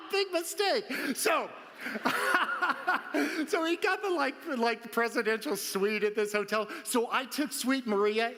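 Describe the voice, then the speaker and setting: High, bright-voiced man telling stories. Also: in a large hall. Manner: laughs often, animated and excitable. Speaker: conference speaker. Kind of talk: storytelling keynote talk. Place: large conference hall.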